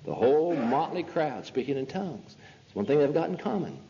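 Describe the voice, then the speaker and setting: Male preacher, mellow voice, pressing rhetorical questions; dull old recording in a reverberant hall. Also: a little high, sing-song, a little fast, slight background noise. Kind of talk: sermon.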